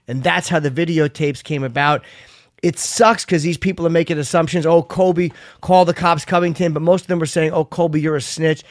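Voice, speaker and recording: A man's voice: fairly high pitch, dry recording, clean studio sound. A man co-hosting a casual chat show, retelling a story with heat and plenty of swearing. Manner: heated, profane retelling, quotes others. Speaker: podcast co-host.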